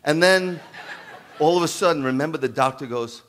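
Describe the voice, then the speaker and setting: A man in his fifties preaching as a rabbi, telling stories with jokes and acting out the dialogue in an animated sermon. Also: fairly high pitch, moderate pace, slight background noise. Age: 50s. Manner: animated, jokey, acts out quoted dialogue. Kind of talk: humorous storytelling sermon.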